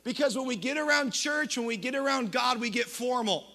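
A man preaching in a very high voice with a gravelly edge and a bright, forceful tone. He delivers his sermon energetically and with humor. He keeps it conversational, with quick asides. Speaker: pastor.

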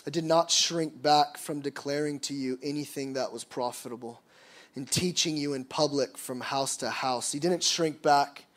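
A high-pitched male pastor delivering a sermon. He reads scripture passages aloud and then preaches on them, building to emphatic, rising stretches. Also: moderate pace, fairly bright tone.

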